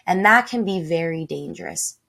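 A woman's voice: fairly low pitch, lively intonation, normal speed, creaky, pushed and bright. Emotional woman, swearing and reflective. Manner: emotional, swearing, heartfelt, self-talk. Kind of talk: raw personal reflection. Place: tiny home.

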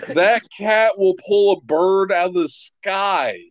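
Podcast co-host, man from West Virginia, slow and blunt, swears, dry close sound. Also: high voice, no echo. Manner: blunt, swears freely, halting restarts. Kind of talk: casual chat.

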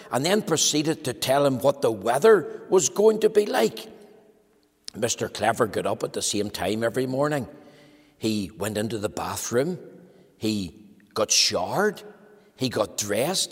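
A preacher telling a story to children in church, with animated storytelling. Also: male voice, normal speed, slightly rough, big-room sound. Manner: animated storytelling, lively pitch.

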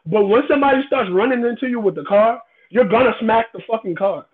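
A man's voice: high voice, fast talker. A man in a casual debate, emphatic and profane, often repeating himself. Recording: tinny phone-like sound.

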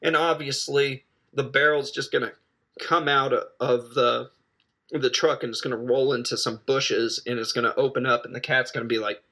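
A man with a bright, forward voice talks through a film plot in a loose, rambling way. He keeps cracking jokes, wandering off on tangents and correcting himself mid-sentence, like a casual video reviewer. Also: mid-range voice, fairly even intonation. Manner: jokey, digressive, quick asides and self-corrections.

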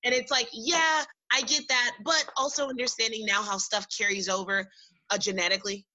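A woman co-hosting a podcast in casual chat, emphatic, leaning on slow, drawn-out stresses. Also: on the high side, fairly even intonation, sharp tone, poor audio. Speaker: podcast co-host.

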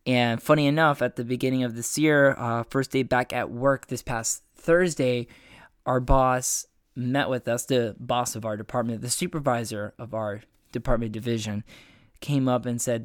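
A man's voice: medium pitch, steady tone, moderate pace, clean tone, dry recording, studio quality. A man hosting a podcast, talking casually about his work and week, his voice nasal and congested from the flu, rambling with many restarts. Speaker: podcast host. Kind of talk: casual personal update.

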